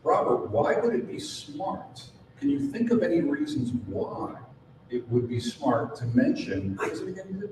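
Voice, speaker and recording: A man's voice: sits high, wildly swooping pitch, a little slow. A man giving a live sales training seminar to an audience, punchy and full of rhetorical questions. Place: large room with audience. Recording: very echoey room, distant mic, background noise.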